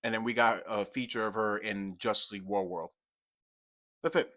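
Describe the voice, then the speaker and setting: A young man giving a profane, exasperated commentary rant, swinging from low mutters to loud outbursts. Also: fairly even intonation, normal speed. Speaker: commentary YouTuber. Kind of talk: ranting commentary.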